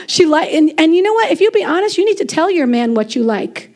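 A woman in her forties giving a lively, conversational sermon as a preacher, with quick asides and laughter. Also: extremely high pitch.

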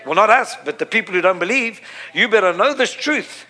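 A man's voice: high voice, expressive, brisk, sharp tone. A middle-aged man preaching a sermon, impassioned and repetitive, building to emphatic peaks.

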